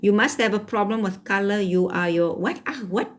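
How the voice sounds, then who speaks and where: A woman's voice: mid-range voice, animated, moderate pace, slight background noise. Firm South African woman livestreamer. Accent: South African (Cape Town). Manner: firm, scolding, mixes Afrikaans phrases. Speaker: livestream host. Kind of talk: live stream chat reading comments.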